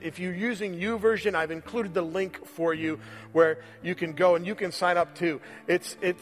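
Male pastor, high voice, emphatic repeats, faint music under the sermon. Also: a bit bright, big-room sound. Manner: conversational, repeats phrases for emphasis, slows on key words. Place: church sanctuary.

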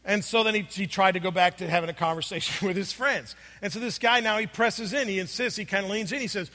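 Bright, high-voiced preacher in a reverberant hall. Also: male voice, quick pace, hardly any pauses. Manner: conversational storytelling, many fillers, swings from loud to hushed. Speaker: pastor. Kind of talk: sermon with personal story.

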